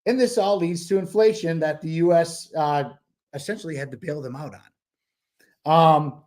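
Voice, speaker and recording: A man's voice: a little high, normal speed, a little mellow. A man co-hosting a book club podcast, talking in a loose, rambling way with many fillers and restarts. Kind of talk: casual podcast discussion.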